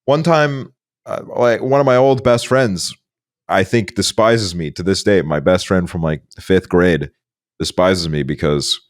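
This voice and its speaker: A young man co-hosting a podcast in a very low, deep voice. He talks in a relaxed way, mulling things over and swearing often. The recording is dry and close. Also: no echo. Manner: laid-back, profane, drawn-out musing. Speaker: podcast co-host. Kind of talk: casual chat.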